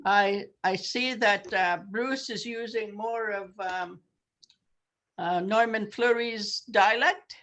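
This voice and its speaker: A woman's voice: mid-range voice, steady tone, slow pace, fairly bright tone. An older woman teaching a language lesson over a video call, patiently repeating words for her learners.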